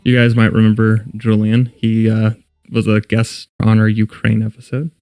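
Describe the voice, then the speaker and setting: A man's voice: lowish voice, normal speed, smooth, dry recording, studio quality. A man hosting a podcast, chatting casually while tasting coffee and reading an episode intro. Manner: relaxed, tasting and describing coffee. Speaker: podcast host. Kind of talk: casual chat and scripted intro.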